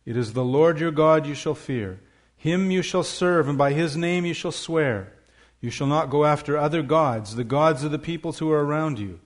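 A man's voice: fairly high pitch, normal speed. A pastor reads scripture aloud from the pulpit. His voice is raised and declaiming, and he stresses the phrases strongly. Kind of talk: emphatic scripture reading.

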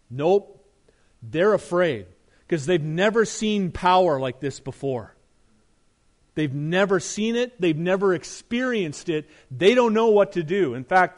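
Middle-aged pastor guy preaching, punchy rhetorical questions, slightly high voice. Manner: emphatic, rhetorical questions, drops to soft earnest tone. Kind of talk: sermon.

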